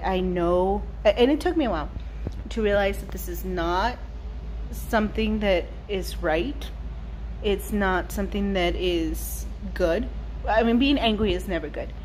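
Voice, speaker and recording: A woman's voice: mid-range voice, darkish tone, slight background noise. A woman speaking candidly in a personal video diary at home, with frequent ums and restarts. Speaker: vlogger.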